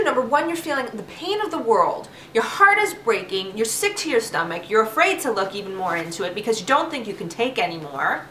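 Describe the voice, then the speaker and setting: Bright-voiced woman vlogging in an echoey room. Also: mid-range voice. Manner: earnest, emphatic, animated when excited. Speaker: vegan vlogger. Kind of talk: casual vlog talk. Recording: echoey room with faint noise.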